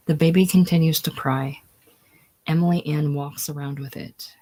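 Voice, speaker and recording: A reader working through a screenplay's stage directions in a casual, unhurried way. The delivery stays plain and sits at a middling pitch. Now and then it sinks into a whisper. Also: fairly even intonation, dark tone.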